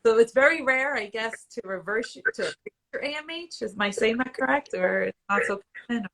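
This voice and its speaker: A woman's voice: fairly high pitch, lively intonation, a little fast, gravelly, fairly bright tone, low-quality recording. A woman in her forties telling her own story as a patient in a live Q&A, candid and conversational, at times emotional. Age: 40s. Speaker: IVF patient guest.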